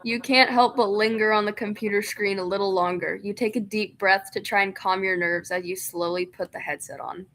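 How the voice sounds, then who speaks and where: A woman's voice: mid-range voice, fairly even intonation, brisk, hardly any pauses, a bit bright. A young woman streaming a game, chatting casually, laughing often and reading game text aloud. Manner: giggly, reads chat and game text aloud.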